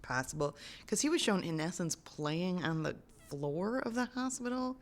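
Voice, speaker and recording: A woman's voice: lowish voice, big pitch swings, normal speed. A woman guest co-hosting a podcast, recapping an episode in wry, casual chat and laughing often.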